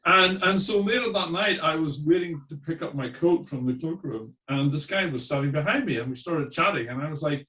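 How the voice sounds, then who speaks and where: A man's voice: a little high, animated, a little fast, few pauses, sharp tone, far from the mic, low-quality recording. A middle-aged Irish-born man with a mid-Atlantic accent, telling chatty stories as a musician guest in an interview. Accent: mid-Atlantic with Irish traces. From Ireland. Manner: chatty anecdotal storyteller. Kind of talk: casual interview storytelling.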